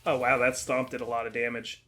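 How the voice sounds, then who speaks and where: A man's voice: mid-range voice, little pitch movement, a little fast, over music. A man casually commenting as he plays a video game, with wry asides. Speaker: let's play host.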